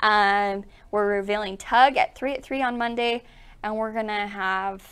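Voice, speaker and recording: A woman's voice: medium pitch, fairly even intonation, measured pace, a bit bright, smooth. A young woman co-hosting a quilt shop livestream, bubbly and gushing, laughing often as she chats. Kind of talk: casual livestream chat.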